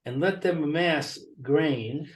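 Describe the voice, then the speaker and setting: A man with a fairly high voice reads a text aloud, phrase by phrase, at a slow pace. He hesitates and stumbles over the words. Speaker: study partner reading the text. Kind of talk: text study reading.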